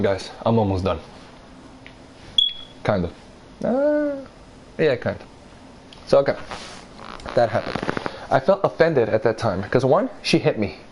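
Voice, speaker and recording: A man telling a personal story in a casual, rambling way, swearing freely and acting out what others said. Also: noisy background. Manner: rambling, profane, animated retelling; acts out others' lines in a higher voice.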